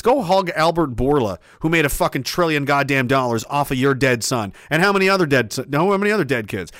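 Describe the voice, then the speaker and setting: High-voiced man on a profane rant. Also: fairly bright tone, no echo, clean studio sound. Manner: heated, profane, emphatic; rambling, with restarts and asides.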